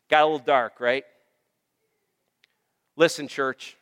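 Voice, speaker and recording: A man's voice: sits high, measured pace, pushed and bright, smooth, big-room sound. A man preaching a sermon as pastor, emphatic and repetitive, calling on the congregation for amens. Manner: emphatic, repeats phrases, calls for amens.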